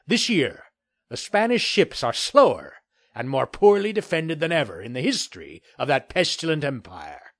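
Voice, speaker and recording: A man's voice: medium pitch, a bit bright, no echo. Guy reading as a pirate captain, old-timey flowery talk, dry close sound. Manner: archaic, flowery and grandiose. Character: swaggering, old-fashioned male pirate captain. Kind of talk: reading a letter aloud.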